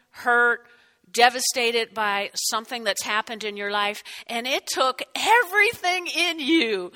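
A woman's voice: on the high side, pushed and bright. A woman preaching a sermon, telling a scripture scene expressively and asking her listeners questions.

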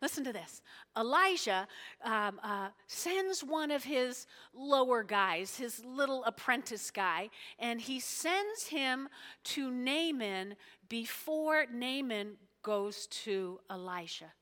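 A woman pastor retelling a story in a sermon, lively, with asides and check-in questions, in an echoey hall. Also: on the high side, slow.

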